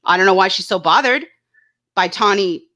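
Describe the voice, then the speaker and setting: A woman's voice: medium pitch, animated, moderate pace, pushed and bright. A woman hosting her own channel, talking casually and bluntly about online drama, swearing freely and reading out viewers' chat comments. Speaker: YouTube channel host.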